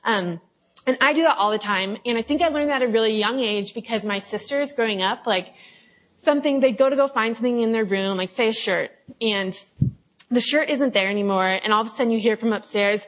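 A woman's voice: on the high side, a little fast, rough recording. Chatty young woman leading a Bible talk. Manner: chatty, confessional, full of fillers and acted-out quotes. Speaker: Bible study leader. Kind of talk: casual devotional talk with scripture reading.

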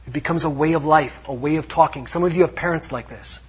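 A man preaching a lively sermon, acting out little quotes as he goes. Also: fairly high pitch, fast talker, breathy edge. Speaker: pastor. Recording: dull lo-fi sound.

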